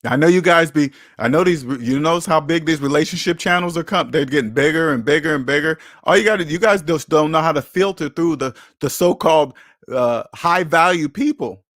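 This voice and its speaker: A man hosts a personal finance livestream and talks straight to his chat. His voice sits a little high. He lectures bluntly and repeats phrases to drive his points home, and the sound is dry and close with no room echo. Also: brisk, a bit bright. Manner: blunt, preachy, repeats key phrases for emphasis. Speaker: personal finance channel host. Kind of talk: livestream talk answering chat.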